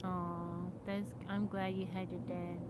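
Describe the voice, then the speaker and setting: A woman's voice: on the low side, little pitch movement, slow. Chatty woman livestreaming outdoors, background noise. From America. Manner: chatty, greets and thanks viewers by name. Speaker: livestream host. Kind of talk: casual live-stream chat with viewers. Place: outdoors in nature.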